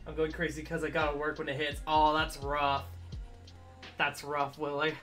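Man, casual game streamer, answers chat, baby talk to his dog, forceful tone, faint music behind. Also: on the high side, monotone, normal speed. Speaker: livestreamer. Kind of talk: casual live game commentary.

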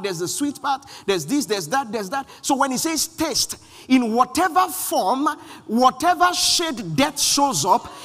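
High-pitched animated preacher. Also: male voice. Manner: animated, shouting refrains, acts out quoted voices. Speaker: pastor. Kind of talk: sermon. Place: large church hall. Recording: long hall reverb.

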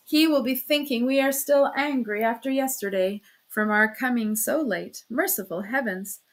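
A woman's voice: fairly high pitch, normal speed, close to an everyday voice. A woman voicing an anxious, fluttering older mother who speaks timidly and keeps exclaiming, reading a classic novel aloud. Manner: flustered, exclaiming.

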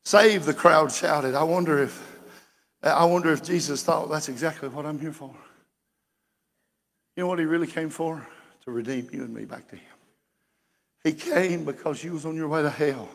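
A man preaching a sermon as pastor, folksy and building to shouts. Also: a little high, moderate pace, creaky, in a large hall. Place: church sanctuary.

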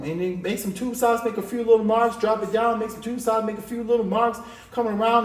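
A man teaching a drawing lesson on video, coaching with energetic, repetitive chanting of each step. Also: sits high, fast, few pauses, far from the mic. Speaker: art teacher. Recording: echoey room, voice off-mic.

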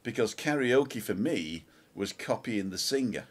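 Man, chatty host, fairly low voice, animated storytelling. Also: unhurried, husky. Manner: animated storyteller, mimics singing. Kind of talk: casual chat.

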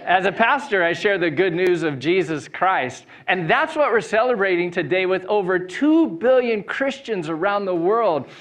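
Upbeat high-voiced pastor. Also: male voice, animated, moderate pace, hardly any pauses, fairly bright tone. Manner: upbeat, chatty storyteller who laughs through anecdotes. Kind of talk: Easter sermon with welcome and personal story. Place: church stage before a live congregation.

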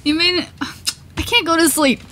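A woman's voice: extremely high pitch, measured pace, bright, forceful tone. A woman playing a video game, chatting casually, giggling and thinking aloud, easily startled. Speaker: gamer. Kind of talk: casual let's-play chat.

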